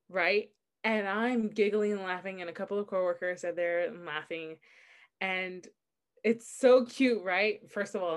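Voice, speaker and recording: Laughing, animated young woman storyteller. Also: fairly low pitch. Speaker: podcast co-host. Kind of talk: casual book chat.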